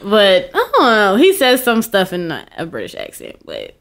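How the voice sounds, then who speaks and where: Giggly young woman with lively pitch. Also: moderate pace. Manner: giggly, rambling, lots of "like". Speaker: podcast guest. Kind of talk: casual chat.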